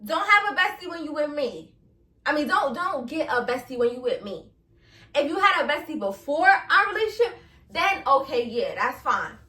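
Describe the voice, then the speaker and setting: A young woman hosts a casual solo podcast in a high, bright voice. She talks bluntly and with a lot of animation, laughing and swearing as she goes. The room is echoey and she sits a little back from the mic. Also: sing-song, moderate pace, far from the mic. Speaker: podcast host.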